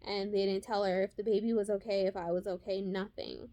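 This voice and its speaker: A woman's voice: medium pitch, steady tone, mellow. A young woman vlogger telling the story of her son's birth in a casual, emotional way, full of fillers. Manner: emotional, fast-paced retelling with many fillers.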